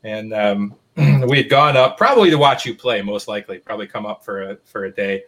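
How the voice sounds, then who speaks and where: A man's voice: fairly low pitch, brisk, sharp tone. A man hosting a casual podcast, telling a rambling anecdote with plenty of fillers and restarts. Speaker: podcast host. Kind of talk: casual chat.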